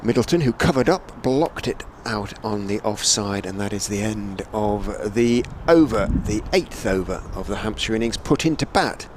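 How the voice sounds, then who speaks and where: A man giving relaxed ball-by-ball cricket commentary from a rooftop commentary position, rising with excitement on the big shots. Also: on the low side, background noise. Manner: measured, chatty, lifts to excited calls on big shots. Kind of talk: radio-style ball-by-ball commentary. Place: commentary position on a stadium hotel roof.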